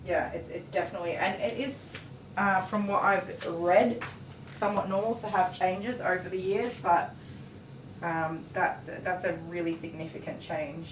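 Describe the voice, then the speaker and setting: Here the dog groomer's voice is lowish and fairly even, at a moderate pace, as she rambles casually on her livestream while working. A distant mic gives a roomy sound with faint noise.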